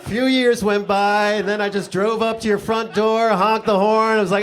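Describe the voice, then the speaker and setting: A middle-aged man performs a sarcastic, riffing stand-up set on a comedy club stage, talking into a handheld mic. His voice sits high and level, at a moderate pace with few pauses. The live club recording is noisy.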